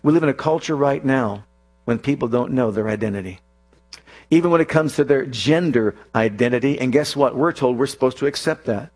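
A man's voice: mid-range voice, fairly quick, darkish tone, faint music behind. A male preacher delivering a sermon with emphatic, repeated declarations.

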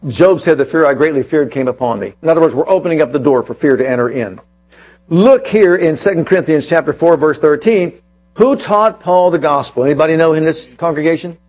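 A man's voice: high-pitched, darkish tone. A man preaching a sermon to his congregation, quoting scripture and asking emphatic rhetorical questions.

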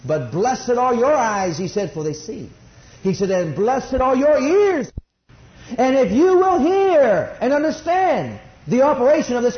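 Man, middle-aged preacher, high voice, swooping delivery, dull roomy recording. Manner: preaching, swings between soft asides and rising exclamations. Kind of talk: sermon.

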